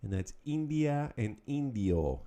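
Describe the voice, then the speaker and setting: A man hosting a Spanish lesson podcast, calling out words, pausing, then giving the answers in an upbeat, patient way. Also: medium pitch, very animated, mellow. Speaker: Spanish teacher. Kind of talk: podcast language drill.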